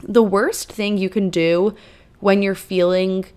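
A woman's voice: medium pitch, steady tone, slow, darkish tone, clean tone. A young woman talks through advice on her own podcast in a loose, chatty way. She fills the gaps with easy asides and casual fillers, as if talking to a friend. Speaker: podcast host.

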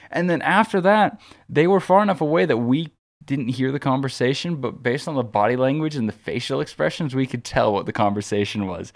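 A man's voice: mid-range voice, fairly quick. A man co-hosting a podcast, telling a long story in casual chat, rambling with frequent restarts and filler words. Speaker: podcast co-host.

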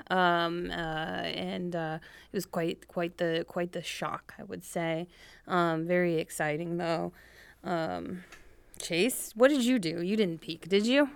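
A woman's voice: fairly low pitch, fairly even intonation, takes it slowly, creaky, clear, resonant tone, no room sound. A woman in her twenties co-hosting a casual podcast, chatty and playful with many fillers. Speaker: podcast co-host. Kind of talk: casual chat among medical students.

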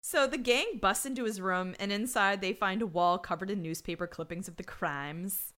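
A woman's voice: mid-range voice, normal speed, a bit bright. A woman co-hosting a podcast, recapping a TV episode with playful, sarcastic commentary. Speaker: podcast co-host. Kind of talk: casual recap chat.

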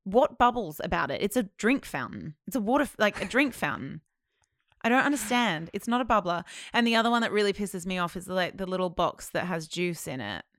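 A woman's voice: medium pitch, expressive, fairly quick, fairly bright tone, dry recording, clean studio sound. A young Australian woman from Adelaide in a casual chat, going on playful rants. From Adelaide, South Australia. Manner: chatty, playful ranting.

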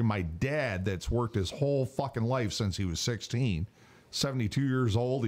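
Low-voiced man ranting on a podcast. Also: darkish tone. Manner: ranting, heavy swearing. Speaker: podcast co-host. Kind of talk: casual chat.

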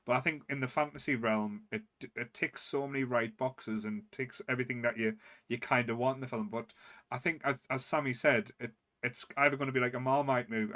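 A male podcast co-host chatting casually about a film, relaxed, with restarts and the odd swear word. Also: medium pitch.

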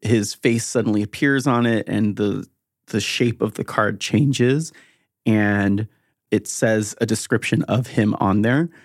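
A game master describing a tabletop scene in a loose, rambling way, with plenty of ums and likes. The voice sits at a middling pitch and is recorded close and dry. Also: measured pace, dry recording. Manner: relaxed, rambling description with fillers.

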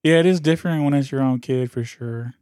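A man's voice: mid-range voice, fairly quick, dark tone, clear, resonant tone, no room sound, clean studio sound. Laid-back young man in casual podcast chat. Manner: laid-back slangy talk, swears freely, chuckles. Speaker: podcast co-host.

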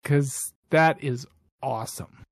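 A man's voice: mid-range voice, slow pace, no echo, studio quality. A man co-hosting a podcast, reacting to his co-host's jokes with laid-back teasing. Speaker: podcast co-host. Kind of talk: casual podcast banter.

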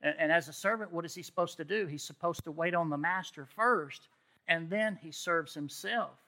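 A man's voice: a little high, normal speed, bright, forceful tone. A man preaching a sermon in a conversational way, often checking in with "okay?" and restarting his words. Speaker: pastor.

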